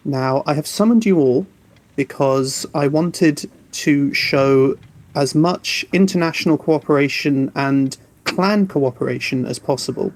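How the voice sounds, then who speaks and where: A man voicing a stern, businesslike vampire prince who briefs his guests in a measured, formal way. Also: a little high, poor audio. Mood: grave, formal.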